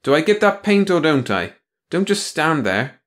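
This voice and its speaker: A man voicing a gruff, world-weary male prison official in an audiobook reading, talking in a tired, growling way. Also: fairly low pitch, normal speed, a bit bright. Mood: irritated.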